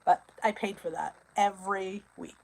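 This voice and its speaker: A middle-aged woman from New Jersey hosting a casual live-stream chat, chatty and quick to laugh as she answers viewer comments. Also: mid-range voice, fairly even intonation, gravelly, poor audio. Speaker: weight loss channel host.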